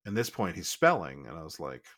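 A man's voice: sits low, big pitch swings, brisk, a bit bright. A middle-aged man co-hosting a podcast, talking casually in a rambling, restarting way with lots of fillers. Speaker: podcast co-host.

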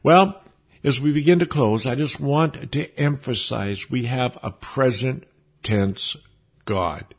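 A man's voice: medium pitch, a little slow, husky. A man preaching an earnest sermon, quoting scripture often and closing with a prayer.

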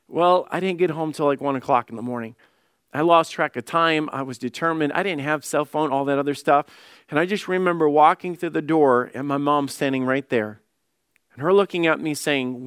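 A man's voice: fairly high pitch, fairly quick, fairly bright tone, smooth, no room sound, studio quality. A middle-aged man preaching a sermon as pastor, earnest, often repeating words as he restarts.

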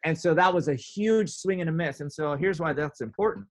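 Animated man telling a story. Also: fairly quick. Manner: animated, acts out his own quotes with big pitch jumps. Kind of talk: casual storytelling.

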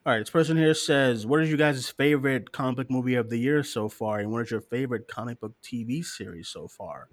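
A man's voice: mid-range voice, brisk, hardly any pauses, no room sound, studio quality. A man co-hosting a casual live-stream show, reading listener questions, laughing often and cursing freely. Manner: animated, profane, laughs often, mocking voices.

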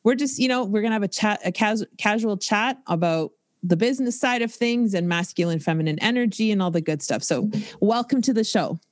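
A woman's voice: medium pitch, a little fast, no room sound, studio quality. A woman hosting a casual podcast interview, frank and chatty, who swears casually. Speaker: podcast host.

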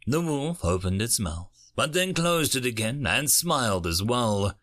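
A man reading a sci-fi short story aloud as host of a narration channel, with expressive delivery. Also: fairly low pitch, unhurried, few pauses.

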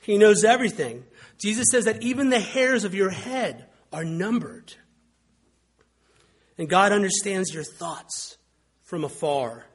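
Husky male pastor preaching conversationally. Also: high-pitched, animated, unhurried, long pauses. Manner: conversational, wry storytelling with mimicked quotes. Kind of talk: sermon.

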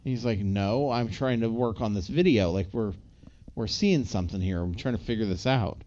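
A man's voice: fairly low pitch, moderate pace, mellow, slight background noise. A man casually recapping a movie plot as a podcast co-host, rambling with lots of filler words. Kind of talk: casual chat. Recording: slightly dull lo-fi audio.

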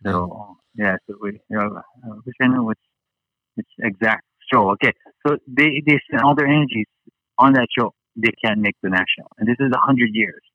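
A man's voice: medium pitch, moderate pace, dry recording, highs cut off. A man from Hawaii, a guest chatting casually and rambling with many fillers and restarts. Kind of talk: casual interview chat.

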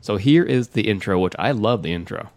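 A man's voice: fairly low pitch, animated, brisk, creaky, a little mellow. An American man hosting a podcast in casual chat, chatty and self-deprecating, often restarting his sentences. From United States. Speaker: podcast host.

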